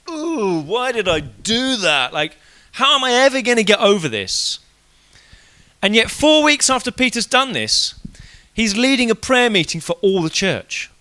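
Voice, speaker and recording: A man preaching an evening church sermon in a casual, conversational way, telling the story animatedly. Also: very high voice. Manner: animated storytelling, acting out quoted voices.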